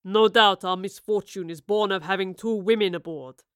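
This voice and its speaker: A woman voicing a weathered, contemptuous male ship captain who speaks slowly and loudly, with mocking command. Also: mid-range voice, smooth, dry recording, clean studio sound, lightly acted. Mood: stern, menacing. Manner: slow, loud, commanding and mocking.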